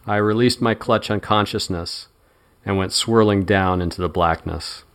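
Male narrator with a lowish voice for a first-person audiobook. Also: fairly even intonation, moderate pace, a bit bright.

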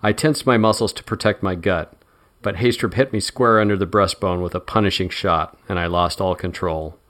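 Male narrator with a lowish voice for a first-person audiobook. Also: normal speed, fairly bright tone.

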